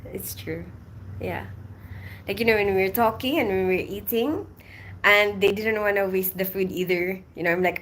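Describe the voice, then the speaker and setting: A woman's voice: medium pitch, normal speed, fairly bright tone. Woman livestreamer, mixed Filipino-British accent, rambly and giggly, faint room hum. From Philippines. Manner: chatty, laughs often, rambling storytelling. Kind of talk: casual live-stream chat. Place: abroad in Colombia.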